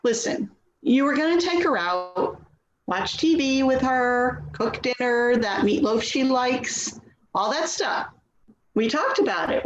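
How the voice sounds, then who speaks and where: A woman's voice: high voice, echoey room, muffled recording, a little hiss or hum. A woman in a readers theater reading, playing a frustrated daughter who pleads and coaxes with her mother's caregiver. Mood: exasperated. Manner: pleading, exasperated, coaxing. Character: Louise, a frustrated, pleading middle-aged daughter. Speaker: actor in a staged reading.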